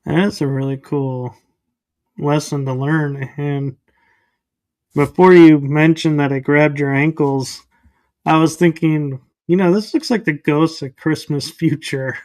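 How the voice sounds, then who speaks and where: A man's voice: fairly high pitch, steady tone, slow, a little mellow, dry recording. A man hosting a podcast, making thoughtful, reflective remarks in casual conversation. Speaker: podcast host. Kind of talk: casual chat.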